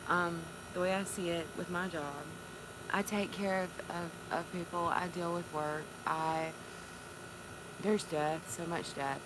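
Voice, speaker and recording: A woman from North Carolina, chatting tearfully on a live stream, halting and repeating her words. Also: lowish voice, fairly even intonation. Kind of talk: emotional live-stream chat. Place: on a porch. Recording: noisy background.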